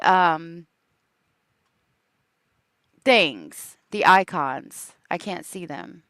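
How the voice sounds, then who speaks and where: A woman's voice: fairly low pitch, lively intonation, extremely slow, pauses often, fairly bright tone, no echo. A woman hosting a casual true crime livestream, chatting with viewers and laughing often.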